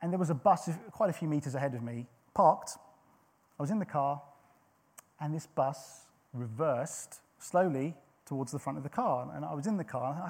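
Brief: middle-aged male preacher, earnest storyteller, slightly higher voice with a gravelly edge. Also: moderate pace. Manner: earnest storytelling, frequent restarts. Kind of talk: sermon with personal testimony.

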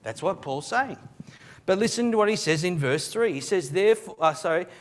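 Male pastor, live church sermon, high voice, explains scripture verse by verse, repeats words as he starts. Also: expressive, brisk. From Australia. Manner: expository preaching, reads scripture aloud and explains it.

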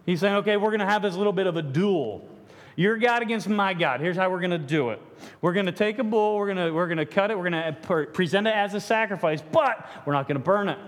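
Male pastor, high voice, loose and joking, stammers and restarts, sermon in a reverberant hall. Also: quick pace. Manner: reads scripture aloud, then riffs with jokes and self-deprecating asides.

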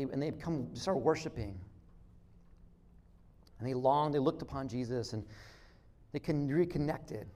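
A man preaching a sermon as pastor, conversational, acting out little dialogues with frequent restarts. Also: on the high side.

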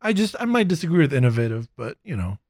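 A man hosting a casual tabletop games podcast, animated and quick to laugh, recording in a makeshift home studio. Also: a little high, no room sound. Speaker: podcast host.

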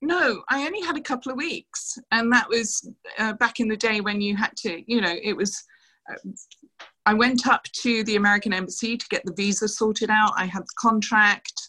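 Bright-voiced woman telling stories. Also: medium pitch, moderate pace, rough recording. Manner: animated anecdotes, quoting others with laughs. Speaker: interview guest, former showgirl dancer. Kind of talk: casual storytelling interview.

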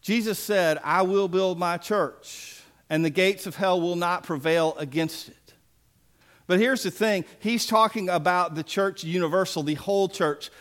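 A man's voice: high-pitched, measured pace, a bit bright. A man preaching a sermon as pastor, folksy and emphatic with playful asides.

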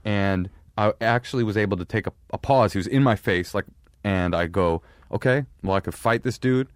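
A man on a podcast tells stories in a low voice, swearing freely and acting out both sides of each argument. The sound is dry and close, with no room around it. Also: moderate pace, smooth, dry recording. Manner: profane, animated anecdote teller who acts out dialogue. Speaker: podcast co-host. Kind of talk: casual chat, storytelling.

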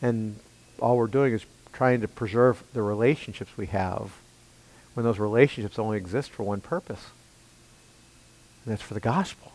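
A man preaching a sermon in an emphatic way, asking his listeners rhetorical questions and swinging between loud and hushed passages. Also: on the low side, moderate pace, long pauses, low-quality recording.

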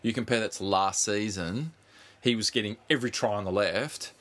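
A man co-hosting a casual sports podcast, animated, swearing freely and pushing on through interruptions. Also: fairly low pitch, normal speed. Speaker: podcast co-host.

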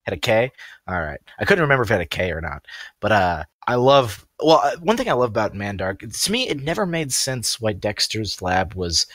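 Rambling, laughing low-voiced man. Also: very animated, fairly quick, fairly bright tone, no echo. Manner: rambling, laughs often, many fillers. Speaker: podcast co-host. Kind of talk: casual chat.

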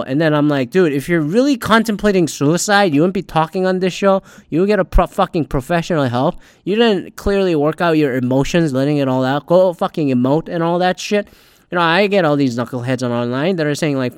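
A man's voice: a little high, expressive, normal speed, smooth, no echo, studio quality. A man ranting in casual, rambling commentary, sarcastic and swearing constantly as a podcast host. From Asian heritage.

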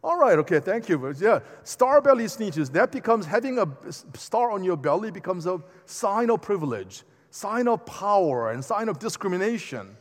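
A man preaching a sermon in a lively, conversational way, with asides to the congregation. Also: high voice, normal speed, few pauses. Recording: long hall reverb.

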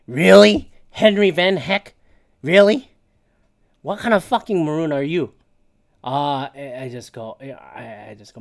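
A man's voice: on the high side, sing-song, normal speed, dry recording, clean studio sound. A man hosting a solo podcast, ranting in casual chat with a profane, sarcastic manner. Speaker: podcast host.

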